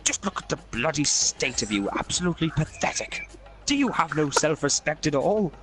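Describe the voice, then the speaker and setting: A man's voice: fairly high pitch, very animated, normal speed, a bit bright, soft background music, rough recording. A man doing a pompous old major, ranting. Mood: disgusted. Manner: ranting, scolding. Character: blustering old retired British major, pompous and indignant.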